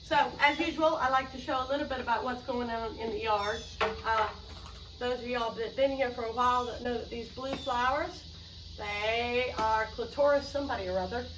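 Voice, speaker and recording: A chatty woman hosts her show at home, rambling about her yard and guests between songs. Her voice is high and sounds roomy, picked up from a distance, with ukulele music loud behind her. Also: moderate pace, noisy background. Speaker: show host and singer. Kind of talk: casual chat and singing with ukulele. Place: home room with doors open to a yard.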